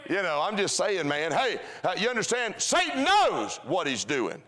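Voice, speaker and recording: A man's voice: high-pitched, huge pitch swings, normal speed, fairly bright tone. A man preaching a sermon in a church, folksy and storytelling, with repeated rhythmic phrases. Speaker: pastor. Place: church sanctuary.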